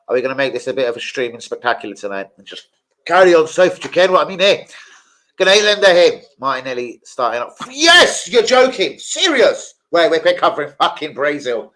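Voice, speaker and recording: A man's voice: fairly high pitch, brisk, rough recording. A young man, telling crude, swear-filled stories on a live stream. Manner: crude, swearing, animated storytelling. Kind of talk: casual live stream chat.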